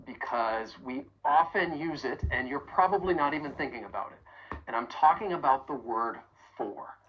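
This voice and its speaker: A woman teaching English pronunciation in a video lesson, carefully modeling example phrases slowly and clearly. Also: a bass voice, animated, dull audio, a little hiss or hum.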